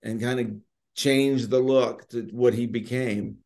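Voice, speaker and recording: A man's voice: medium pitch, fairly even intonation, measured pace, vocal fry, mellow. An American man hosting a podcast, asking loose, rambling questions in a casual chat. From United States. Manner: easygoing, asks rambling questions. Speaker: podcast host.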